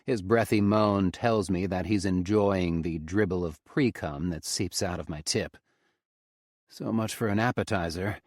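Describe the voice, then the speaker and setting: A man reading a romance audiobook in the first person with a very deep voice. His delivery is low and intimate, in the steady manner of a storyteller. The close studio mic gives a dry sound with no room around it. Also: measured pace, dry recording. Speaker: audiobook narrator.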